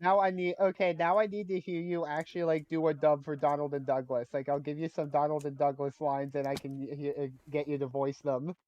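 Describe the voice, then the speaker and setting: A man's voice: fairly high pitch, little pitch movement, fairly quick, hardly any pauses, darkish tone, lo-fi sound. A man chatting casually with friends while gaming, rambling through trivia and jokes. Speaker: gamer on a livestream.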